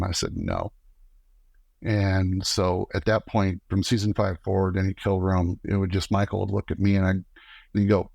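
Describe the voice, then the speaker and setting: A middle-aged man, a guest on a podcast, telling lively stories and acting out the lines of people he quotes. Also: low-pitched, gravelly, slightly rough, no echo. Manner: animated storyteller acting out quoted dialogue. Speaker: podcast guest, former camera operator. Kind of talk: casual storytelling interview.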